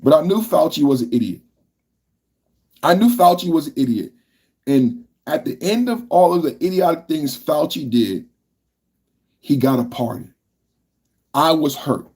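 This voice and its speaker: A man's voice: fairly high pitch, lively intonation, measured pace, pauses often, darkish tone, husky. A man hosting a political podcast livestream, ranting in a loose, repetitive way and talking to his chat. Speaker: podcast host.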